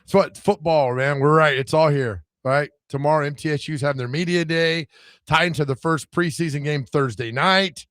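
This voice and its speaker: Sports radio dude, kinda hoarse, higher voice, dry studio mic, loves a story. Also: male voice, moderate pace, no echo. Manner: animated storyteller, laughs at himself. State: hoarse from screaming. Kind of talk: casual sports radio banter.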